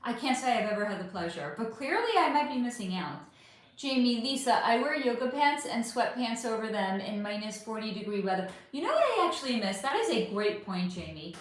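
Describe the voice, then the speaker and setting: A young woman with a fairly high, sing-song voice talks briskly while hosting a casual livestream. She reads out the chat and answers with laughter and free, casual swearing. The room sounds very echoey.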